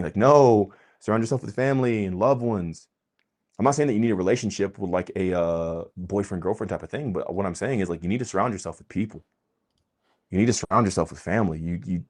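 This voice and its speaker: A man with a very low voice lectures his viewers in a fired-up, preachy monologue. He pushes hard on key words, jumps to loud bursts, then drops to near-quiet asides. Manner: emphatic, preachy, swings between loud and quiet. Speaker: vlogger host. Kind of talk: impassioned monologue.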